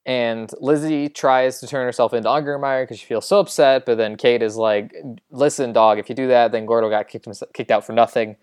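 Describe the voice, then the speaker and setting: A man's voice: medium pitch, steady tone, fairly quick, darkish tone, clean tone, no room sound. Male podcast co-host, casual rambling recapper, dry close sound. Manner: rambling, lots of "like" and quoted lines.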